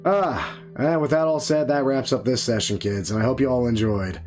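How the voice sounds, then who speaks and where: A man's voice: mid-range voice, normal speed, darkish tone, soft background music. A man signing off a tabletop game stream, loose and rambling, his throat tired and strained. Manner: loose, rambling, swears casually. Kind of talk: casual stream sign-off.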